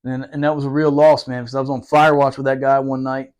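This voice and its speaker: A man's voice: mid-range voice, fast. A man in his forties, a Marine veteran hosting a podcast, telling stories in casual chat with lots of swearing and laughter. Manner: animated, profane, laughs often while telling stories.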